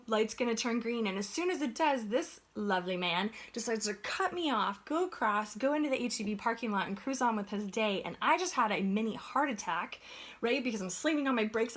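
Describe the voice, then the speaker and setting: A woman giving an earnest, conversational motivational talk as a life coach, often checking in with "right?". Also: on the high side.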